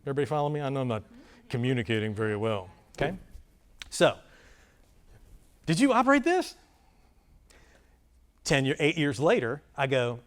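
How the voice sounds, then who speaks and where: A man leading a live filmmaking workshop for an audience, talking in a rambling, self-deprecating, animated way. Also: medium pitch, a little fast, long pauses. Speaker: workshop presenter. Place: conference room before a live audience.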